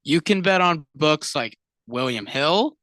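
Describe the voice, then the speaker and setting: Bright, lively-voiced male co-host. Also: fairly high pitch, no room sound, studio quality. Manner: chatty, curious, quick to agree. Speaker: radio show co-host. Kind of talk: casual sports radio chat.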